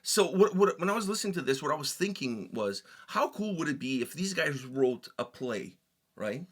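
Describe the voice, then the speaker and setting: A man's voice: on the high side, big pitch swings, normal speed. A man co-hosting a music reaction video, talking casually and animatedly, with many fillers and repeated phrases. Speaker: reaction channel co-host.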